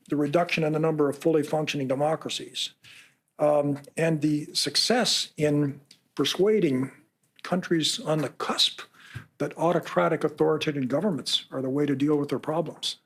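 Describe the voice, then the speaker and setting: A man from Canada answering reporters' questions at a press conference, earnest and measured, sometimes reading passages aloud. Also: a little high, slightly rough. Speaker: special rapporteur answering reporters.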